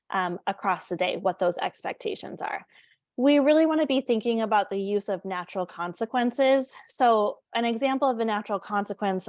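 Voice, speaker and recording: A woman's voice: mid-range voice, dry recording, studio quality. Woman giving a candid parenting talk. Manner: conversational, candid, frequent fillers and check-ins. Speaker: parenting educator. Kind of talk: informal parenting presentation.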